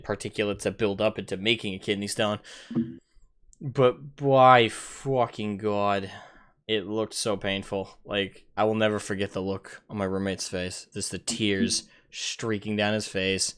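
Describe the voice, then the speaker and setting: With a fairly low, clean-toned voice, this podcast co-host launches into a profane, animated story during a relaxed chat, performing other people's words as he goes.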